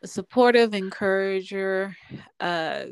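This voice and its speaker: A woman co-hosting a casual podcast chat, speaking in halting bursts, repeating words and agreeing often. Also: medium pitch, background noise. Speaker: podcast co-host.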